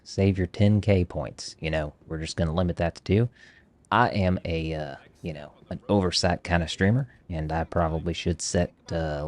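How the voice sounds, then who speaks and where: A man's voice: low-pitched, darkish tone, dry recording. A man from Texas streaming a game live, putting on a thick Texas accent and bantering with viewers in a joking, profane way. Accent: put-on Texas drawl. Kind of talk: casual livestream chat while gaming.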